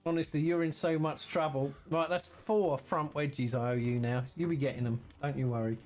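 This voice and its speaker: A man's voice: a little high, fairly even intonation, fairly quick, darkish tone. A man chatting casually and teasingly with viewers while streaming a farming game.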